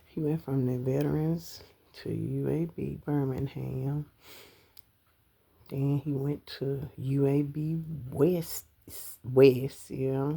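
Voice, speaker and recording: A woman's voice: very deep voice, steady tone, slow, creaky, warm tone, breathy edge. A middle-aged woman telling of her husband's death in a personal vlog, crying, rambling and dropping into whispers. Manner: tearful, breaks into whispers and cries, rambling. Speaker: widow sharing her grief. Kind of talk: emotional personal story vlog.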